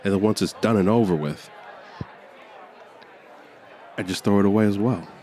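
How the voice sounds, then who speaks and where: A man's voice: on the low side, normal speed, darkish tone. A man doing a rambling, mock-somber stand-up set, sighing between lines. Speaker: stand-up comedian. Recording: faint crowd and street noise.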